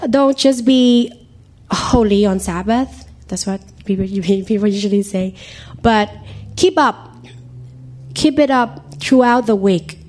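Hoarse woman giving a slow church testimony. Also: medium pitch, a little mellow. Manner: earnest, exhorting, slightly halting phrasing.

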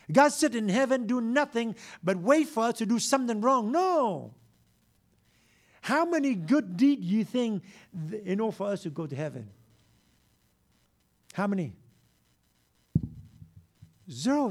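Man, high voice, middle-aged preacher, broken grammar, impassioned. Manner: impassioned, shifts from hushed to loud exclaiming; broken grammar, frequent repeats. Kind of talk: sermon.

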